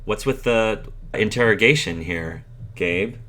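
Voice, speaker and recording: A man's voice: on the low side, unhurried, bright, forceful tone, voice pushed down. A man voicing a weary, resentful wife and mother in a tabletop role-play, speaking with tired, defensive bitterness. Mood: guarded.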